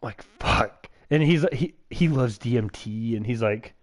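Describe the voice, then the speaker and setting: A man's voice: medium pitch, unhurried. Rambling, swearing young-sounding streamer guy. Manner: rambling, heavy swearing, lots of filler "like". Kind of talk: casual chat while gaming.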